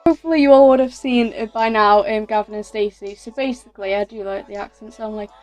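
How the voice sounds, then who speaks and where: A woman's voice: on the high side, fast talker, a little mellow, no room sound, faint music behind. A teenage girl from England, chatting through a casual Q&A vlog in a rambling way, with lots of fillers and self-corrections. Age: teens. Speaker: YouTuber.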